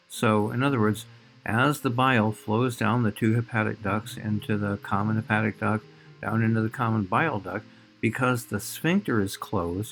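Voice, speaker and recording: A man teaching a recorded biology lecture, explaining slides and speaking directly to his students. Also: fairly low pitch.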